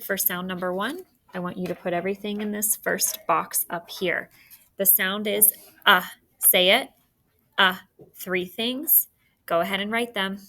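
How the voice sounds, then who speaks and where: A woman teacher leading a dictation exercise with clear, upbeat instructions. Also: mid-range voice, a bit bright, a little hiss or hum.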